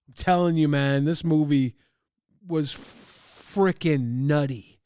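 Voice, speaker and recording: A male streamer talking casually over a trailer, excitable and profane, laughing at his own jokes. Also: fairly high pitch, slow, clean tone, no echo. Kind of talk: casual livestream commentary.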